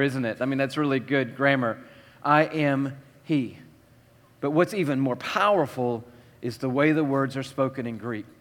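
A man preaching a sermon, telling the story with lively, dramatic shifts between hushed and loud delivery. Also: mid-range voice. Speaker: pastor. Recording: long hall reverb.

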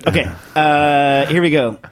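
A man's voice: on the high side, unhurried, clean tone. A middle-aged man hosting a podcast, reading a listener question and rambling through his answer with jokes, fillers and restarts. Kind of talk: casual chat.

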